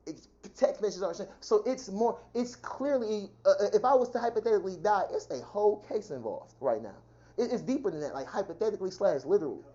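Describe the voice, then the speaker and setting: A woman venting in a heated, profane personal rant, talking fast and indignantly about how she has been treated. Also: mid-range voice, dark tone. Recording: dull lo-fi sound.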